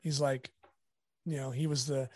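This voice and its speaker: A man's voice: medium pitch, moderate pace, dry recording. A man, a sports photographer, telling stories in a casual interview and acting out the people he quotes. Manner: animated storyteller, acts out quotes.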